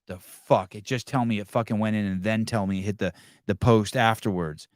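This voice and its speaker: A male podcast host in casual chat, ranting in a profane, animated way. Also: lowish voice, brisk, dry recording, studio quality.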